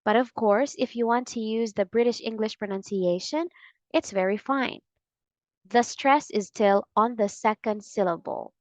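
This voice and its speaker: Very slow, careful female teacher for a pronunciation lesson, dry close mic, slightly muffled. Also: medium pitch, dry recording. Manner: clear, deliberate, drawn-out model words.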